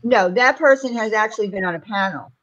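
A woman in casual livestream chat, quick to question and doubt. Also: mid-range voice, a bit bright, lo-fi sound.

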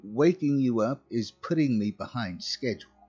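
A man's voice: mid-range voice, expressive, normal speed, darkish tone, slightly rough, lo-fi sound, faint music behind. A man voicing an irritated male security guard coworker who scolds and brushes off a colleague. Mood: annoyed.

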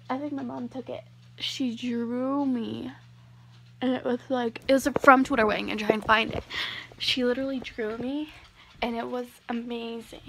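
A woman's voice: a little high, a little hiss or hum. A young woman YouTuber gushing to her viewers in a casual vlog, with lots of fillers.

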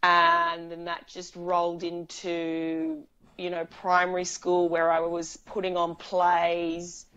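A woman with a slightly low voice chats as a guest in an interview. She talks at length, with many restarts and easy laughter. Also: monotone, slow, a bit bright, lo-fi sound. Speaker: film writer and director, guest. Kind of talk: casual interview chat.

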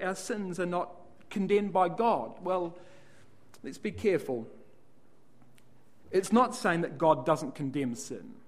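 A man with a somewhat high voice leads a Bible study. He reads each verse aloud and then unpacks it, posing questions to the listeners and answering them himself. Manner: explanatory, asks and answers his own questions. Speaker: Bible class speaker.

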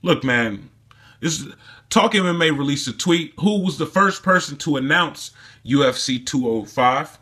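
A man's voice: on the high side, lively intonation, measured pace, pushed and bright, husky. A man delivering a heated, profane and mocking commentary rant in a casual vlog, recorded alone indoors. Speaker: sports commentary vlogger.

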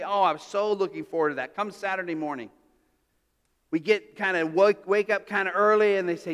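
A high-voiced male pastor preaches a sermon in a loose, conversational storytelling manner. He often restarts and drifts into asides. His voice carries with a long reverb through a church sanctuary. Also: a little fast, a bit bright, clean tone.

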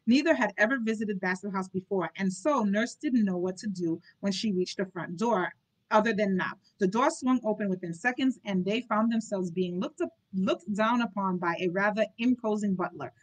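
A woman's voice: mid-range voice, moderate pace, poor audio. A young woman hosting a book club, reading a novel aloud and breaking off for chatty, candid asides, often stumbling and restarting.

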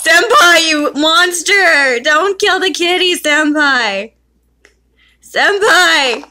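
A woman's voice: high-pitched, drawn-out words, pushed and bright. A woman casually commenting on a game she is playing, giggling and breaking into helpless laughter, and talking to the characters and her cat. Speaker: gaming YouTuber.

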